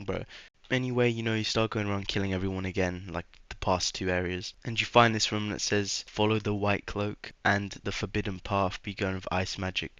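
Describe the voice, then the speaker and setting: A man's voice: on the low side, fairly even intonation, a little fast, fairly bright tone, clean tone, highs cut off. Rambling, sarcastic young-sounding man. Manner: rambling, sarcastic, trails off into mumbles. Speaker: video game commentator. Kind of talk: casual game commentary voice-over.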